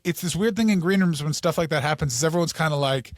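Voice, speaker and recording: Fast, profane storytelling comedian man. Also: on the high side, dry recording, clean studio sound. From Canada. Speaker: comedian guest. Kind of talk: storytelling interview.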